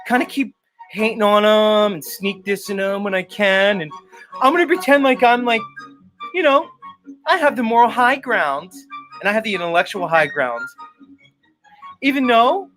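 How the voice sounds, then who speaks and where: A man's voice: normal speed, pauses often, a bit bright, faint music behind. A man doing a mocking impression of a smug, self-important online rival on a live stream. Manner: mocking, sing-song, high-pitched impression.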